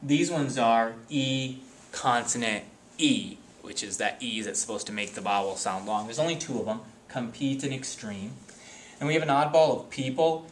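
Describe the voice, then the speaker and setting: A man's voice: medium pitch, normal speed, slight background noise. Man teaching a spelling lesson. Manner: careful, explanatory, reads word lists one by one.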